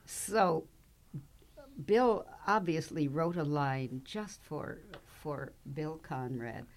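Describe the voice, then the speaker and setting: A woman joining an interview conversation as a guest, adding lively asides to the stories. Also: low voice, drawn-out words.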